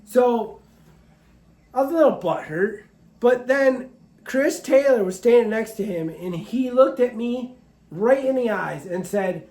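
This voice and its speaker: A man's voice: very high-pitched, a little slow, darkish tone, roomy sound. A man talking casually to camera as a farmer, speaking earnestly and openly about his feelings. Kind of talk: casual vlog talk to camera.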